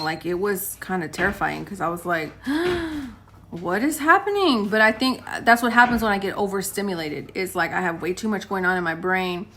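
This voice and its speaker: A woman in her late thirties talks casually to her viewers from home, with a bright, forward voice that sits in a middle pitch. She tells her stories in a chatty way and acts out both sides of arguments. There is a faint hiss of background noise behind her. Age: late 30s. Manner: chatty storytelling, addresses viewers as guys, acts out quotes. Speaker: vlogger. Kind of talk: casual chat to camera.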